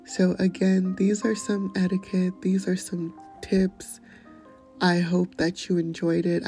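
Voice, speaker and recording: Soft, slow-spoken woman podcast host. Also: on the low side. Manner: soft-spoken, often slipping into a breathy near-whisper. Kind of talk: gentle motivational talk and poetry reading.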